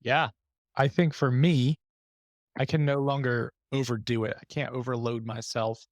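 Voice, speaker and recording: A man hosts a podcast in a frank, reflective conversational tone, openly sharing his own setbacks. His voice sits at a middle pitch and is recorded close and dry, with no room sound around it. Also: flat delivery, normal speed, no room sound. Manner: open, reflective, frank about struggles. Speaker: podcast host. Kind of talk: candid conversational podcast talk.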